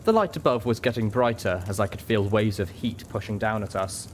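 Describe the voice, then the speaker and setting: A man narrating a story in first person with a steady, dramatic reading. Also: lowish voice, brisk, slight background noise. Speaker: audiobook reader.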